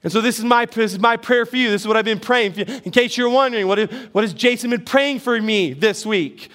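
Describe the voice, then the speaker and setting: A middle-aged man delivers a sermon in a very high voice. He keeps it conversational, putting questions to the congregation and teasing himself along the way. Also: brisk, fairly bright tone. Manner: conversational, asks the congregation questions, self-deprecating humor. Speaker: pastor.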